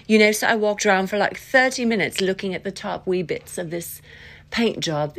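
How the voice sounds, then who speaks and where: A middle-aged woman talking through a rambling faith vlog, scattered and playful, slipping into silly voices and quiet whispers. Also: mid-range voice, a little fast. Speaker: vlogger.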